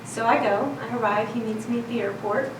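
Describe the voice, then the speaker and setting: A woman's voice: a little high, fairly quick, background noise. A woman from Chicago's South Side telling a personal story on stage, chatty and often laughing. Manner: lively, conversational, laughing at her own story. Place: storytelling event. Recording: roomy live venue, mic at a distance.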